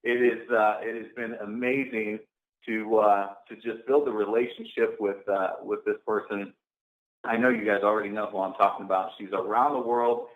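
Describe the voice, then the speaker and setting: A man hosting a phone-in conference call, energetic and full of fillers. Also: on the low side, normal speed. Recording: echoey tinny phone line.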